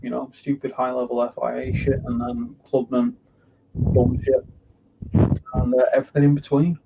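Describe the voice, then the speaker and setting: A man's voice: medium pitch, level tone, moderate pace, gravelly. A man co-hosting a casual motorsport chat show, rambling, tired and jokey, with plenty of swearing. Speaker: podcast co-host. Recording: muffled lo-fi sound with noise.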